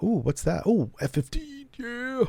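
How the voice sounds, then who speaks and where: Animated, chatty male game streamer. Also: very high-pitched, unhurried, creaky, husky, dry recording, soft background music. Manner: chatty, joking, thinking out loud. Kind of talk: casual gameplay commentary.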